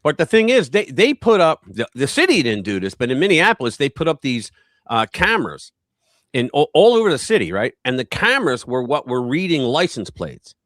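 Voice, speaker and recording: A man hosting a casual political live stream, talking in an animated, rambling way and acting out quotes in a raised voice. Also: mid-range voice, a little fast, no echo.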